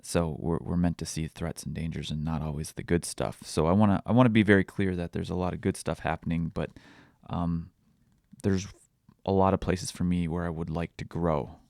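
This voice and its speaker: A man in his thirties talks on his own in a confessional podcast monologue. His voice sits fairly low, and the recording is close and dry. He speaks candidly and reflectively, halting often with fillers and restarts. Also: little pitch movement, vocal fry, no echo. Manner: quietly emotional, reflective. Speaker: parenting podcast host.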